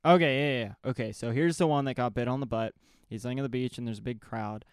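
Dude reading news stories deadpan, gravelly creaky voice, dry close mic. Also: male voice, mid-range voice, quick pace, no echo. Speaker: podcast co-host reading news. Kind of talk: reading news stories aloud in casual chat.

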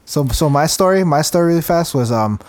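A man's voice: on the high side, lively intonation, brisk, a little mellow. Young man telling stories on a podcast. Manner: laughs often, repeats himself. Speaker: podcast co-host. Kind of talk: casual storytelling chat.

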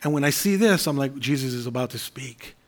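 A man's voice: medium pitch, lively intonation, brisk. A man preaching an earnest, conversational sermon, explaining scripture and Greek words. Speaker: pastor.

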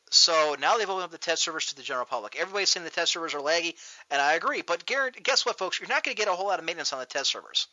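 A man hosting a show, ranting loudly and profanely in a mocking tone, recorded on dull lo-fi audio. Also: a little high, dry recording. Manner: loud, profane, mocking rant. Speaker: podcast host. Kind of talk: ranting comedic talk show.

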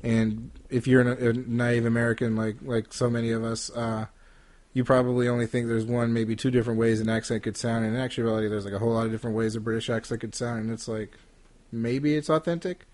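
A man talks as a guest on a casual movie podcast. He speaks at a middling pitch and stumbles through his points, full of hedges and restarts. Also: flat delivery, a little mellow. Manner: halting, with many restarts and hedges. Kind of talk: casual chat.

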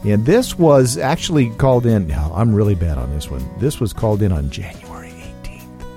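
A man's voice: fairly low pitch, moderate pace, soft background music. A man hosting a podcast, talking casually with fillers and restarts between listener comments. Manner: relaxed, chatty with frequent fillers and restarts. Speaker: podcast host.

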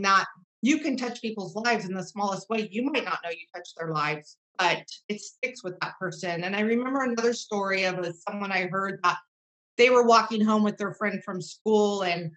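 A woman in her thirties talks as a podcast guest, sharing heartfelt memories in a loose, rambling way. Her voice has a clear, bright edge. She restarts sentences often and leans on fillers as she goes. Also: mid-range voice, low-quality recording. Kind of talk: heartfelt casual storytelling.

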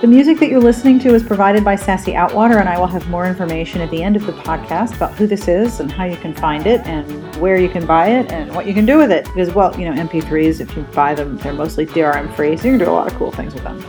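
Brief: woman host, low-ish tone, light self-mocking intro, faint music under. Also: quick pace, hardly any pauses. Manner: breezy, self-deprecating, apologetic asides. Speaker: podcast host. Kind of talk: podcast intro monologue.

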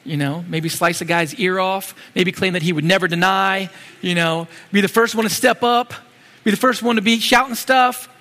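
A man preaching a sermon in a conversational, animated way, full of rhetorical questions. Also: sits high, normal speed, long reverb tail.

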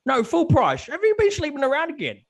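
Man doing a very high-pitched, rambling, boozy adventurer, washed-up potion addict, tabletop game character. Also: wildly swooping pitch, brisk, vocal fry, full character voice. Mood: teasing. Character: down-and-out male adventurer hooked on healing potions.

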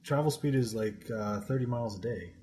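A man's voice: mid-range voice, fairly quick, darkish tone, slight background noise. A man playing in a tabletop game, questioning a captive and working out travel time, often restarting his sentences. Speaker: player.

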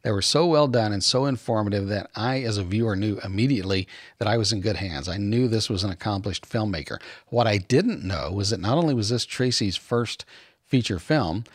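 A man's voice: fairly low pitch, fairly quick, breathy edge, no echo, studio quality. A man hosting an acting podcast, talking in an enthusiastic, encouraging way as he introduces and interviews his guest. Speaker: podcast host.

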